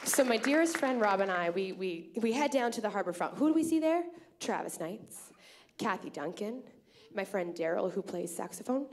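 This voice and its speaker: A woman's voice: medium pitch, animated, normal speed, some chatter behind. A Canadian woman hosting a live tap festival show from the stage, chatty and grateful, telling stories with lots of "um" and "uh". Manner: chatty, grateful, storytelling with many fillers. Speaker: festival organizer and host. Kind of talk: onstage emcee speech to a live audience.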